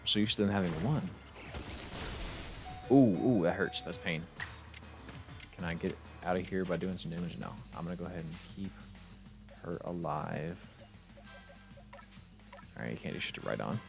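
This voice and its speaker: A man with a very low voice talks through a game stream in a casual, cussing, excitable way, tripping over his words as he reacts. Faint game music plays underneath him. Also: normal speed, gravelly, long pauses. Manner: profane, excitable reactions with frequent restarts. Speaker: streamer playing a video game. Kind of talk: casual let's-play commentary.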